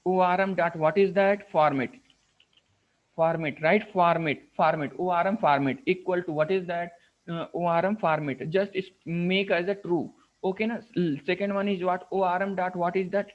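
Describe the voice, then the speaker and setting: A man's voice: high-pitched, fairly even intonation, moderate pace. A man with an Indian English accent teaching a live coding class, asking his students "right?" and "what is that?" again and again as he works through each step. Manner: repeats "what is that?" and "right?" while explaining step by step. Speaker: programming instructor. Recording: dull lo-fi screen recording.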